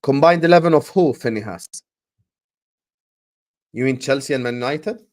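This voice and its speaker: Animated slangy man. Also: medium pitch, normal speed. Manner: animated, slangy, repeats his points. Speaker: host of a football transfer stream. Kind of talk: casual live-stream chat.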